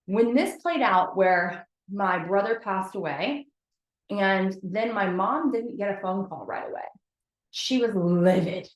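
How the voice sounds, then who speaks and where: A woman's voice: mid-range voice, takes it slowly. Candid woman talking in a roomy space. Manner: candid, chatty, addresses viewers as "you guys". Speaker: host of a weekly motivational live video. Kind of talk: casual motivational talk to a live audience. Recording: roomy echo.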